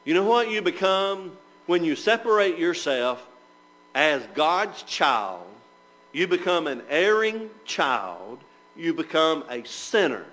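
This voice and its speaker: A man's voice: on the high side, lively intonation, slow, fairly bright tone, poor audio. A man preaching a Bible class sermon, asking the listeners rhetorical questions and reading scripture aloud in old-fashioned wording. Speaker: preacher teaching church members.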